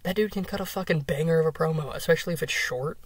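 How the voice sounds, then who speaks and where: A man's voice: fairly high pitch, quick pace, dry recording. A young man hosting a solo podcast, ranting enthusiastically with lots of swearing and filler words. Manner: enthusiastic, profane, rambling with fillers. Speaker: podcast host. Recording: dry, a bit far from the mic.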